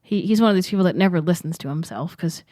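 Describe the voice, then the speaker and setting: A woman's voice: fairly low pitch, fast, dark tone, dry recording, studio quality. A woman co-hosting a podcast, telling stories in casual chat and laughing often. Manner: chatty storytelling, laughs often. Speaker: podcast co-host.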